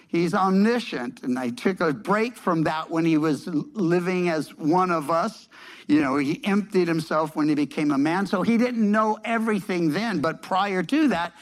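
A man preaching a sermon in an unhurried, conversational teaching tone, often repeating words and restarting his phrases. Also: high-pitched.

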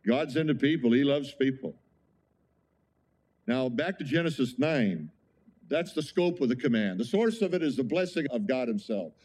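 A man's voice: medium pitch, lively intonation, normal speed, a little mellow. A man preaching a sermon as pastor, conversational, with frequent rhetorical questions to the congregation.

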